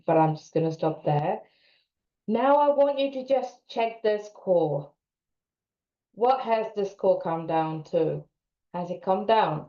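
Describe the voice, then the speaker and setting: A woman with a lowish voice leads a guided EFT tapping session, giving calm, steady instructions and repeating short phrases for the listener to say. The sound is roomy and a little dull, like a lo-fi recording in an echoey space. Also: gravelly. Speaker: co-parenting coach.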